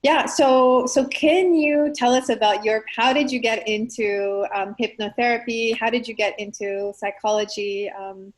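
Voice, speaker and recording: A woman's voice: a little high, fairly even intonation, measured pace, hardly any pauses, low-quality recording. Woman host, affirming and chatty. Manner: affirming, filler-heavy questioning. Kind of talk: conversational interview.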